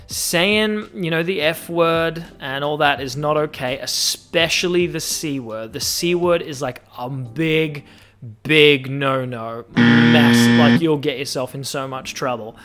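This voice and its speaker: A young man with an Australian accent hosts a solo podcast and speaks on the higher side for a man. His delivery is animated and jokey, and he stretches out words as he runs through lists. A bit of soft music plays underneath. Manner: animated, joking, drawn-out stresses on lists. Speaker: podcast host. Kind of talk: casual solo podcast monologue.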